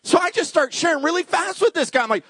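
A man preaching a sermon as a pastor, telling a personal story and acting out the dialogue, at times dropping to a hushed voice. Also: very high-pitched, animated, fast talker.

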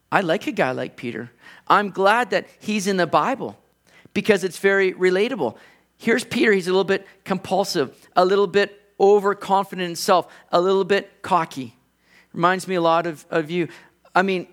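A man's voice: high voice, fairly bright tone. A man preaching a sermon in an earnest, conversational way, with playful asides to the congregation. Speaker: pastor.

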